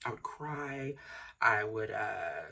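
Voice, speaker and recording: Casual vlogger with a slow, rambling delivery and a bright, tense tone that breaks into laughing outbursts. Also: medium pitch, lively intonation, creaky. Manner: rambling, swings between mumbling and loud laughing outbursts.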